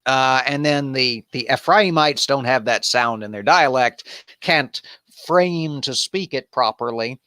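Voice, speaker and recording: Brief: man, unhurried and irreverent, lively pitch, bright dry voice. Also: no room sound. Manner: irreverent, wandering asides. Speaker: host of an improvised bible study. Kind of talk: casual reading and commentary.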